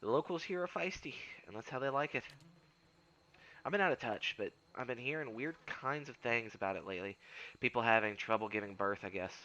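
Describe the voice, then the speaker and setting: A wry, restless wilderness guide woman , voiced by a man speaks with a put-on accent that keeps slipping toward Irish. The voice is bright and forceful, read from a role-playing game. The recording sounds dull and lo-fi. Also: medium pitch, fairly quick, lightly acted. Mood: earnest.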